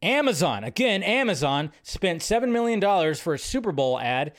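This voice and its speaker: A man hosts a casual live show about movie news, talking from his home computer setup. His voice sits a little high for a man. He rambles in a chatty way and thinks aloud with plenty of fillers. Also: sing-song, moderate pace. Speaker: host.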